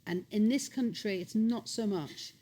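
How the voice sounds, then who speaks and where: A woman's voice: mid-range voice, unhurried, mellow. A middle-aged woman, chatting as a guest on a live stage show and telling stories full of voices and impressions. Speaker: comedy guest. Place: stage before a live audience.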